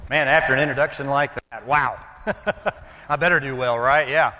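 A man's voice: medium pitch, normal speed, sharp tone. A man preaching a sermon as a guest, jokey and drawing the congregation in. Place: church sanctuary. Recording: church hall reverb.

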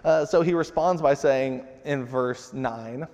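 A man preaching a sermon in a relaxed, conversational way, full of fillers and restarts. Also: mid-range voice, measured pace, hardly any pauses. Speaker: pastor. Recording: long hall reverb.

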